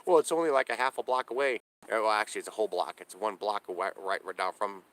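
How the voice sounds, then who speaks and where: A man's voice: lowish voice, fast, fairly bright tone. A middle-aged man vlogging from his trailer, ranting to camera in a profane, aggrieved way and often restarting his sentences. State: homeless, living in a trailer. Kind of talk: casual rant to camera. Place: inside a parked trailer on a hot day. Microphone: handheld camera.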